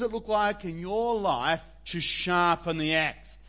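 A man's voice: high voice, slow, pushed and bright. A man preaching a sermon as pastor, conversational and emphatic.

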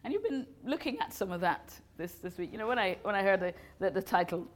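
A woman's voice: medium pitch, expressive, fast talker. A woman, a guest speaker, giving a chatty, self-mocking sermon at a college hall, laughing often as she tells stories. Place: college hall with a live audience.

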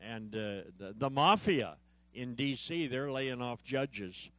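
A man's voice: mid-range voice, lively intonation, slow, a bit bright, no room sound. A male guest preacher giving a humorous sermon at a church service. He tells jokes, acts out the dialogue in his stories and calls out to the audience for responses. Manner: joke-telling storyteller, acts out dialogue.

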